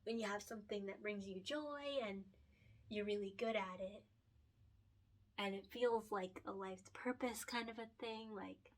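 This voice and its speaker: This picture book author and illustrator is a young woman chatting casually and alone to camera, heartfelt and emotional, laughing often and using plenty of fillers. Her voice sits in the mid range and moves at a measured pace.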